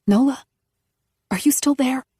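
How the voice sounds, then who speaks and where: A woman voicing a nervous woman who speaks hushed and strained in an audiobook. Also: sits high, measured pace, husky, dry recording, studio quality, pitched above the performer's own voice. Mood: anxious.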